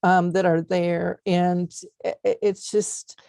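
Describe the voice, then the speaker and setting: A woman's voice: fairly low pitch, little pitch movement, slow, gravelly, warm tone, dry recording, studio quality. A middle-aged woman hosting an interview podcast, telling personal stories in an earnest, heartfelt way with many fillers. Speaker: podcast host. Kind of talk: conversational interview.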